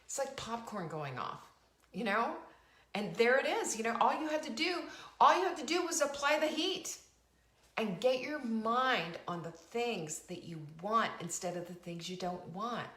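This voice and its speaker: A woman's voice: fairly high pitch, animated, normal speed, a bit bright, echoey room. A middle-aged woman hosting a live motivational talk, emphatic and preachy, repeating phrases and asking her audience questions. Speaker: show host.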